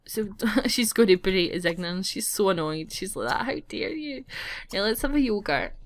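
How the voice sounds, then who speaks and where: A woman's voice: mid-range voice, lively intonation, fairly quick, no echo. Girl chatting over her sim game, giggly, keeps telling the characters off. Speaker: gaming channel host. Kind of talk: casual let's play commentary.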